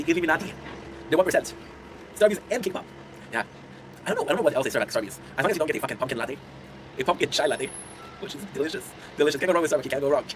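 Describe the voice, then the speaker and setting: A man's voice: fairly high pitch, background noise. A man in his twenties, a content creator, chatting casually to his viewers and telling rambling stories, laughing often. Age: 20s. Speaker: content creator streaming to chat.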